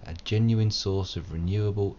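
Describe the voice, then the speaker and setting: Deep-voiced rambling man gaming. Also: fairly even intonation, moderate pace, dark tone, muffled recording, a little hiss or hum. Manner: rambling, wordy and self-mocking, with old-fashioned flourishes. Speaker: game streamer. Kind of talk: live gameplay commentary.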